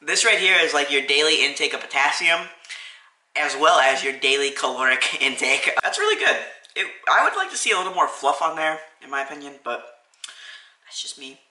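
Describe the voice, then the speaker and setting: Filming on a handheld phone camera with no tripod, a food vlogger reviews a sandwich inside a restaurant, chatty and enthusiastic with lots of fillers. His voice is a little high, expressive, and a little fast with a sharp tone, in an echoey room with a rough recording.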